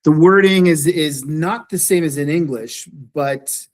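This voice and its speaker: A man's voice: a little high, unhurried. A man teaching a beginning Greek class, explaining patiently and often repeating phrases and asking "right?". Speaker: Greek instructor. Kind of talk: classroom lecture.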